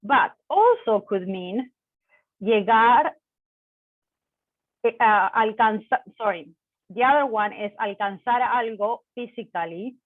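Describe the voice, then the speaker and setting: A woman's voice: on the high side, expressive, dry recording. Woman teaching over a tinny line. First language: Spanish. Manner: explains slowly with self-corrections, mixing Spanish examples. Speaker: Spanish teacher. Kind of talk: online language lesson. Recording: tinny phone-like dry sound.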